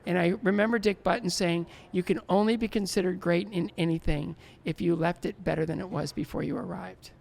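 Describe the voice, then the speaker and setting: Brief: man, 60s, gravelly voice, lively interview storyteller who acts out the dialogue. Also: sits high, brisk, hardly any pauses. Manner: animated, laughs often, acts out remembered dialogue. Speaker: guest, former Olympic figure skater.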